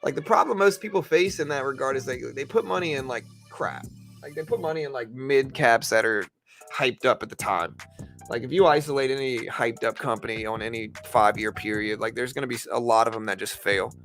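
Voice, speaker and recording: A man with a gravelly, fry-edged voice chats loosely to his live-stream audience from home. He rambles, circles back and drops easygoing fillers as he goes. Faint music plays underneath. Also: mid-range voice, fairly quick, fairly bright tone. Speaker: trading live-stream host. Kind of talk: casual live-stream chat.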